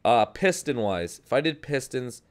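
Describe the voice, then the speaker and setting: A man's voice: mid-range voice, animated, normal speed. A young man casually narrating his own gameplay as a video host, rambling upbeat and often correcting himself. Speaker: gaming channel host. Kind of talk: casual Minecraft let's play commentary.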